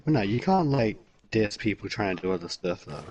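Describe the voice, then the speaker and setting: Blunt, low-voiced man from northern England. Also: big pitch swings, brisk, darkish tone, slight background noise. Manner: blunt, mock-exasperated. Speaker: roleplay streamer. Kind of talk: casual chat.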